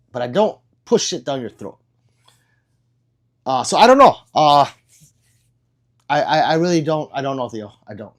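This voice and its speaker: Man, livestream host, casual chat, blunt and profane, excitable, swooping and lively pitch, mid-range voice. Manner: blunt, profane and excitable, with sudden loud outbursts. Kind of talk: casual livestream chat, answering viewer comments.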